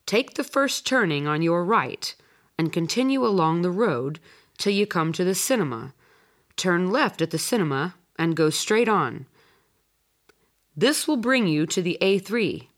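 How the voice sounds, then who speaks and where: A woman's voice: on the low side, animated, measured pace. A woman reading the lines of a polite police officer giving road directions. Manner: polite, instructive.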